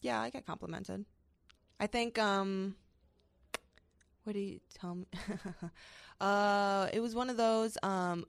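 A woman's voice: medium pitch, takes it slowly, creaky, pauses often, no echo. A young woman guest on a podcast, telling a personal story candidly and wryly, quoting what was said. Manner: candid, quoting herself and others, wry. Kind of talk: casual storytelling chat.

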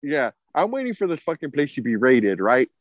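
Man, podcast host, casual storytelling, profane, laughs a lot, mid pitch, dry close mic. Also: very animated, brisk, dry recording. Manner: profane, laughing, rambling anecdotes.

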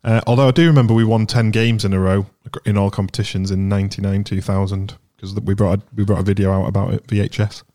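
Deep-voiced, fast man reeling off stats. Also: level tone, dark tone. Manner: reads stats and tweets, eager. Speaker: podcast co-host. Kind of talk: casual fan podcast chat.

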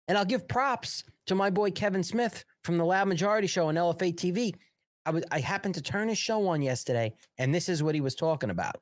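Man, middle-aged, live show host, sarcastic mocking rant, swears and laughs, very lively pitch, dry close sound. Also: brisk, dry recording. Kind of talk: ranting live commentary.

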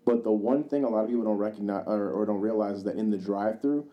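A man's voice: on the low side, fast, lo-fi sound. A man co-hosting a podcast, telling casual rambling stories, swearing freely and acting out the voices of people in them. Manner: swears freely and acts out quoted dialogue in his stories; rambling, with many fillers and restarts. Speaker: podcast co-host. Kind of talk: casual storytelling chat.

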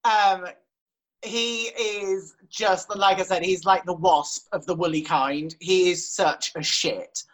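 A young adult woman telling a story in casual chat, animated and laughing, with plenty of swearing. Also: lowish voice, slow pace, low-quality recording. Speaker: guest, horse rider.

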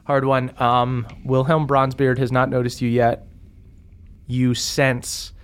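A young man narrating as a game master in a relaxed way, with many ums and uhs. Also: mid-range voice, clean tone.

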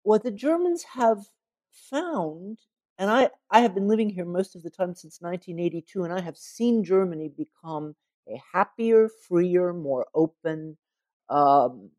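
A woman author being interviewed, explaining her ideas in a measured, thoughtful way. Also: lowish voice, lively intonation, dark tone, no echo. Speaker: author guest. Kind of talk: interview answers.

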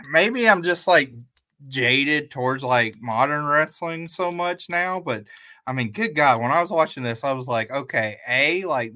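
A man's voice: mid-range voice, bright, forceful tone, no echo. A man co-hosting a podcast, recapping matches in casual chat, rambling with fillers and restarts. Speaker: podcast co-host.

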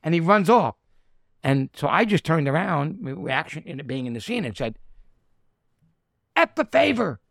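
A man's voice: fairly high pitch, lively intonation, moderate pace, no room sound, studio quality. A middle-aged actor telling anecdotes in a casual chat, acting out the people he quotes. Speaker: actor guest.

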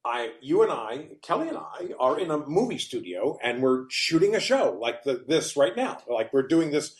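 A man with a fairly high voice talks with lively rises and falls. He is a chat-show guest who often restarts his sentences, and his voice carries a roomy echo. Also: normal speed. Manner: expressive, restarts often, soft asides. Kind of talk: casual chat.

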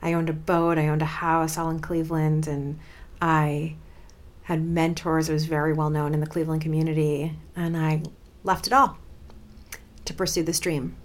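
Expressive woman telling a personal story. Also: low voice, normal speed. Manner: dramatic, expressive storytelling, builds intensity. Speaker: podcast host.

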